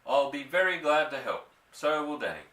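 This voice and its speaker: A man voicing a mischievous country father who speaks softly with dry irony. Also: on the high side, very animated, moderate pace, echoey room, recorded from a distance, rough recording. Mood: wry. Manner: soft, dry, gently ironic.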